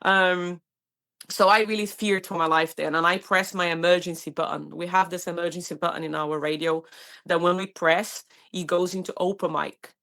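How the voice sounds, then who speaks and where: Paramedic woman, lively storyteller, slightly low voice, stumbles and restarts. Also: moderate pace, creaky. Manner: animated, many restarts and fillers. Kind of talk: storytelling in a podcast interview.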